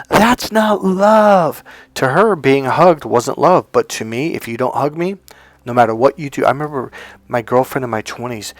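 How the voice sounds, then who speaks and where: A man's voice: medium pitch, dry recording. A man working as a dating coach, telling personal stories in a casual monologue and acting out the people he quotes. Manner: animated storyteller, acts out quotes.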